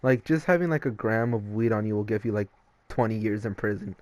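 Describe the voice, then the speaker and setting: A man's voice: lowish voice, brisk, darkish tone. A young man co-hosting a podcast, casually telling profane stories full of "like" and loose asides. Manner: loose, profane storytelling with frequent "like" and laughs. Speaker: podcast co-host. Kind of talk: casual chat.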